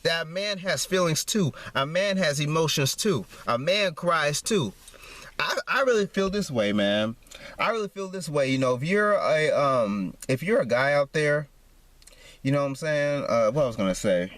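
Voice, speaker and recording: A man's voice: a little high, expressive, normal speed, a bit bright, no echo. A man ranting to camera in a repetitive, heated monologue, tacking "man" onto his sentences. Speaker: vlogger.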